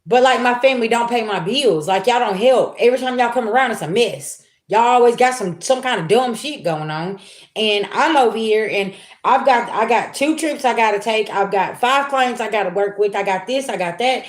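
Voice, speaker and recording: A woman's voice: on the high side, normal speed, reverberant. A woman doing a casual tarot reading, talking straight to her viewers in loose, colloquial speech. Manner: colloquial, talks straight at the audience; acts out quoted people in lively voices. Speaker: tarot reader.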